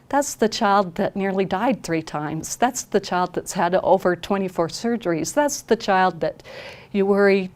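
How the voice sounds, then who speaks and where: A woman parent consultant giving an advocacy training presentation on camera. She talks earnestly and emphatically and often repeats phrases for stress. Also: lowish voice. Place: recorded on camera.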